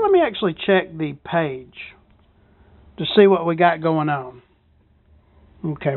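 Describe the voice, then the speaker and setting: A woman's voice: fairly low pitch, no room sound. Woman podcast host, casual and profane, recorded from a truck cab, dry tinny phone-like audio. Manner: rambling, profane, self-deprecating. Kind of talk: casual solo podcast chat. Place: parked truck in a parking lot.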